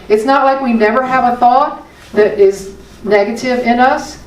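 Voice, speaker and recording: A woman's voice: mid-range voice, animated, moderate pace, a little hiss or hum. A woman giving a sermon as a spiritual teacher, talking in a conversational but emphatic way. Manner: conversational, emphatic, with small laughs. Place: spiritual center hall. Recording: roomy hall from a distance.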